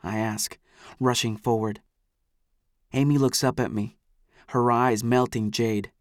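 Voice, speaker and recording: A man narrating a first-person novel in a steady, measured way. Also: medium pitch, no room sound, studio quality. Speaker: audiobook narrator.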